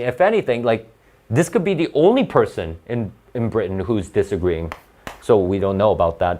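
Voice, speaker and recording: A man's voice: medium pitch, darkish tone. A man working through reading test questions aloud as a tutor, in a casual, self-correcting way that keeps checking with "right?". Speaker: SAT tutor. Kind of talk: thinking-aloud test walkthrough.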